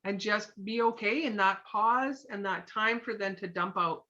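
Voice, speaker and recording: A bright, forceful woman coaches a room in a chatty, encouraging way, slipping into quick acted-out moments. Her voice comes through muffled and dull, like a lo-fi recording. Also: medium pitch. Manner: chatty, encouraging, acts out little scenes. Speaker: sales team trainer. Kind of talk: live motivational coaching talk.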